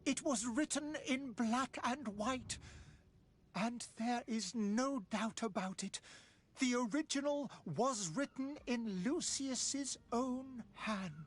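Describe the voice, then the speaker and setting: A persecuted female scholar in a video game, grave and resigned yet firm. Her voice sits somewhat high. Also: slow pace, breathy edge.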